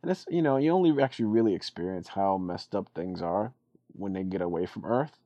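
A man with a low, mellow voice jokes around on a podcast and muses aloud about a cartoon. His pitch swings widely as he talks, and the sound is close and dry, with no room echo. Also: lively intonation, a little fast, muffled recording. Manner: joking, chatty, poses musing questions. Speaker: podcast co-host. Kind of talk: casual chat about a cartoon.

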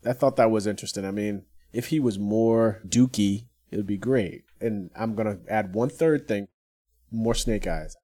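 A middle-aged man co-hosting a casual chat, animated and laughing often. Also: lowish voice, normal speed. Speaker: podcast co-host.

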